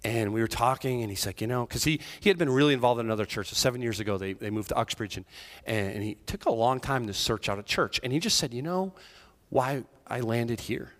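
A man preaching a sermon as pastor, talking conversationally and moving between hushed, near-whispered passages and raised, emphatic ones. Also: mid-range voice, brisk.

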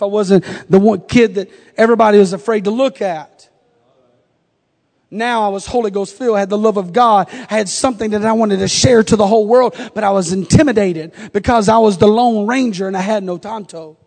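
A male preacher with a strikingly high voice tells his story from the pulpit, casual and chatty, slipping in jokes as he goes. His words ring out through a church with a long, lingering reverb. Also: a little fast, a little mellow. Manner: conversational storytelling with humorous asides. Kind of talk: sermon. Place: church sanctuary.

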